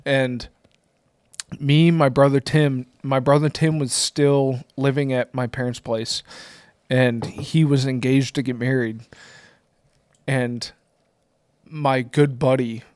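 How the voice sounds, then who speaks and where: A man's voice: medium pitch, slow, long pauses, clear, resonant tone, no echo. A man who is a podcast guest, telling stories in casual chat around a table and laughing often as he talks. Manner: animated storyteller, laughs often.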